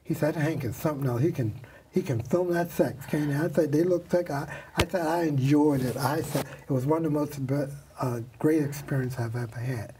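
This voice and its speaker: An older man, a makeup artist guest, telling animated stories in an interview and acting out the voices of the people in them. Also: on the high side, brisk, far from the mic, slight background noise. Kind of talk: storytelling interview.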